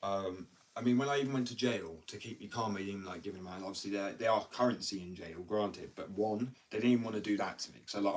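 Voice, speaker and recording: A man's voice: lowish voice, fast, recorded from a distance, low-quality recording. A man in casual, rambling live chat, joking and slangy as he talks about addiction. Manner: chatty, joking, slangy, self-interrupting. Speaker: livestreamer talking about addiction.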